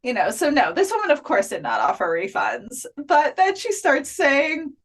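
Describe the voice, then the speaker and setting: A woman's voice: sits high, moderate pace. A woman guest in a casual interview, telling a story with laughter and acting out the dialogue. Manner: animated, laughing, acts out quoted dialogue. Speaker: podcast guest, afterlife researcher.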